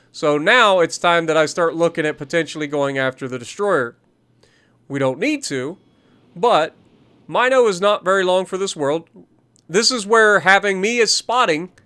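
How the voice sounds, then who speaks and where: A man's voice: fairly high pitch, a bit bright, clean tone. A man giving explanatory, coaching commentary over a recorded naval game match as the host of a gaming channel. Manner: explanatory, coaching, repeats key points.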